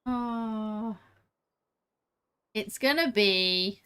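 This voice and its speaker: A woman's voice: on the high side, animated, takes it slowly, fairly bright tone. A woman streaming a game, chatting casually and playfully with frequent giggles. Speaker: VTuber streamer. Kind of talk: casual gameplay commentary.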